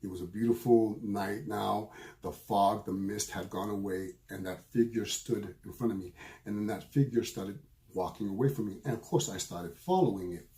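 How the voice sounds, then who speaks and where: A middle-aged man, a spiritual medium, telling a personal story in an earnest, emotional way, often halting and repeating his phrases. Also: on the low side, dark tone.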